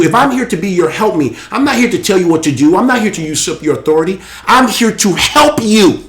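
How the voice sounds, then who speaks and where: A man hosting a live show, preaching with emphatic, animated delivery and laughing asides. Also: high voice, fairly quick, hardly any pauses. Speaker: host.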